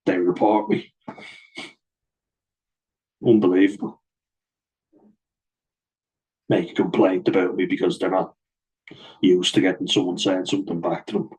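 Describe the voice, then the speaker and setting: A man's voice: low voice, darkish tone, low-quality recording. A middle-aged man, bluntly telling a personal story to camera in a sweary, aggrieved way. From Ireland. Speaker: vlogger.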